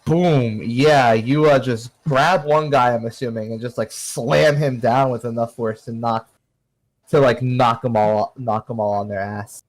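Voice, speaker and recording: A man's voice: mid-range voice, steady tone, unhurried, low-quality recording. A man narrating a tabletop game as game master, talking in a loose, rambling way and swearing freely.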